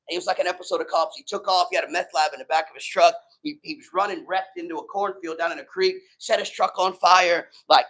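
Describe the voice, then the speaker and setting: A man's voice: sits high, rough recording. A middle-aged man giving a sermon to a live audience in a casual, street-talking way, often saying "man". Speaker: preacher.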